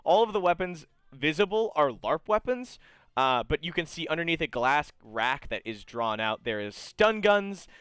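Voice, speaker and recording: A man narrating as game master of a tabletop game, improvising with halting, hesitant phrasing. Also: on the high side, big pitch swings, fairly bright tone, smooth, no echo, clean studio sound. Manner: halting, full of fillers and restarts.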